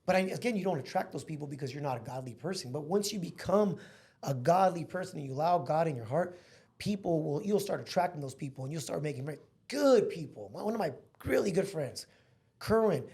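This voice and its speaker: A man's voice: on the high side, animated, brisk, creaky, a little mellow. A man in his thirties, a podcast guest, telling a heartfelt personal story in an earnest, casual way. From Mexico. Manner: earnest, heartfelt, calls listener bro and man.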